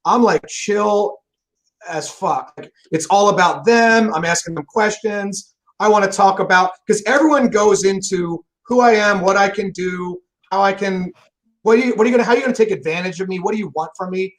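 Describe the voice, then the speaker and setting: Fast-talking, high-voiced man. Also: low-quality recording. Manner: fast, rambling and emphatic, swears freely. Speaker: solar sales pro guest. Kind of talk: casual interview chat.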